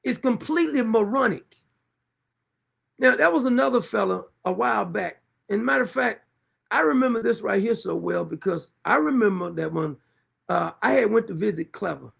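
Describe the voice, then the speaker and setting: A man's voice: high-pitched, expressive, normal speed, creaky, a bit bright, breathy edge. A middle-aged man, hosting a livestream and bluntly scolding commenters in a confrontational, repetitive way. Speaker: show host.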